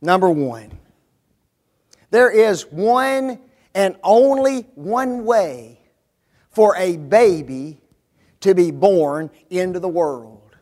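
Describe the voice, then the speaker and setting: Man, very high pitch, preacher, sermon, emphatic, rhetorical questions. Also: animated, extremely slow, long pauses, a little mellow.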